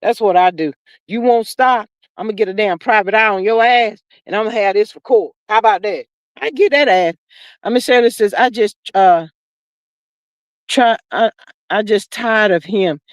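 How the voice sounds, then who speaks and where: A woman's voice: mid-range voice, moderate pace, dry recording. Theatrical woman gossiping on a livestream. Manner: theatrical, acts out scenes in first person. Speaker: livestream host reading chat. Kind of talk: casual gossip commentary.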